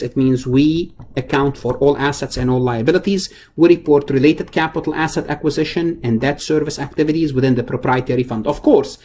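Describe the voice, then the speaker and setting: Brief: male accounting lecturer, mid-pitched, talks through slides, repeats terms, light hiss behind. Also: mellow. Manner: repeats key terms, frequent "okay?" checks. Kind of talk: recorded lecture over slides.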